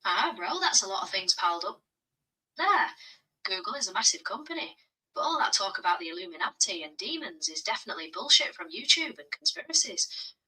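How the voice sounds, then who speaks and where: A woman's voice: mid-range voice, very animated, a little fast, bright, forceful tone, breathy edge, far from the mic, low-quality recording. A synthetic female assistant voice with a Black Country accent, answering in a friendly, slangy way and calling people bro. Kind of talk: chatty AI assistant replies.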